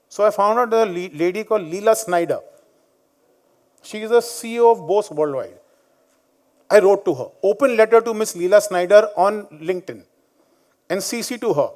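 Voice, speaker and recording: With a high voice and a darkish tone, this Indian English-accented man in his fifties gives a conference talk full of personal anecdotes. Before a live audience at the venue, he comes across as a blunt, combative storyteller who jokes.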